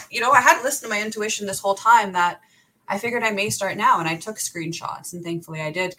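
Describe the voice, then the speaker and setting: Bright, exasperated young woman telling a story. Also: on the low side, poor audio. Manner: profane, exasperated, fast run-on retelling. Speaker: podcast guest. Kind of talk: candid storytelling in an interview.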